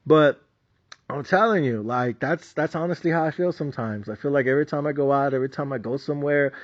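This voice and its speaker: A man's voice: a little high, fast talker. A middle-aged man, a stock market trader, ranting in a boastful, mocking manner and swearing constantly. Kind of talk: profane unscripted rant. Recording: dull lo-fi audio.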